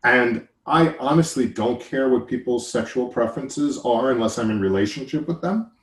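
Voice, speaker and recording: A man's voice: mid-range voice, moderate pace. A man from Long Island with a New York accent, an actor chatting in a rambling, wry way. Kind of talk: casual chat. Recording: echoey room.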